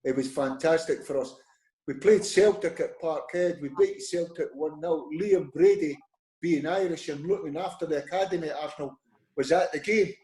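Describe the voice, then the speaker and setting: A middle-aged Scottish man spins lively anecdotes, slipping into the voices of people he quotes. His voice sits a little high but sounds dark and mellow. The room around him lends a noticeable echo. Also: normal speed. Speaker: former football manager, guest. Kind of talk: conversational storytelling. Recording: roomy echo.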